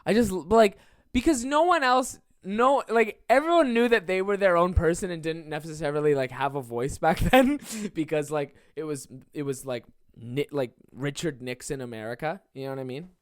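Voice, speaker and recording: Podcast host, solo comedic rant; rambling, profane, filler-heavy, slips into quick impressions. Mid-pitched, dry close sound. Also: animated, no room sound. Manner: acts out quoted people in shifting voices. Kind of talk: casual comedic monologue.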